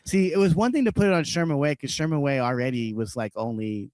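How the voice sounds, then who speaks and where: A male co-host on a casual podcast rants fast, swearing freely and laughing often. His everyday middle-pitched voice has a darkish tone, recorded close and dry with no surrounding room.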